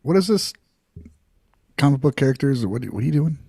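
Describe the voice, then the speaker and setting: A young man co-hosting a podcast, quick and wisecracking. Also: mid-range voice, lively intonation, dark tone, husky, dry recording, studio quality. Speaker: podcast co-host. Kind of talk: casual podcast chat.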